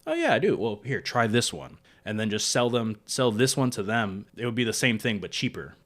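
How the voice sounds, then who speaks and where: A young man chats casually as a podcast host. His voice sits a little low, and he tells his story with energy, acting out each side of the conversation. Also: moderate pace. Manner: animated storyteller, acts out both sides of dialogue. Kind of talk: casual chat.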